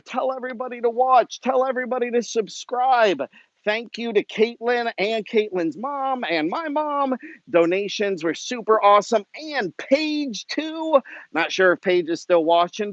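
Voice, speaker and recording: A young man with a fairly high voice chats loosely on a live stream, talking fondly to his animals and his viewers. The sound is dry and a little dull, as if from a small device mic. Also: no room sound. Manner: chatty, affectionate, talks to the animals and viewers. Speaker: zookeeper and gator wrestler streaming live. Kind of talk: casual live-stream chat.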